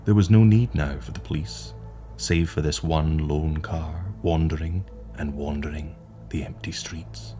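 A man narrating a short story in a measured, atmospheric way. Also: extremely low pitch, steady tone, warm tone, faint music behind.

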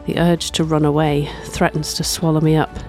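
A woman reads a first-person story aloud in a soft, reflective way, often sighing between lines. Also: deep voice, flat delivery, normal speed, faint music behind. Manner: soft, reflective, with frequent sighs. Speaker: narrator.

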